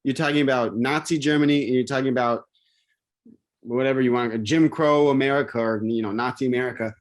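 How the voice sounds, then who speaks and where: A man's voice: medium pitch, fairly quick. Rambling man in casual talk. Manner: rambling, animated, many restarts and fillers. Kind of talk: casual conversation.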